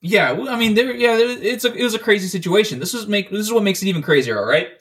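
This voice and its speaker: A man's voice: high-pitched, expressive, quick pace, a bit bright. Rambling, cussing man telling a story. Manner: rambling, profane storytelling with many restarts. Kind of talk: casual chat.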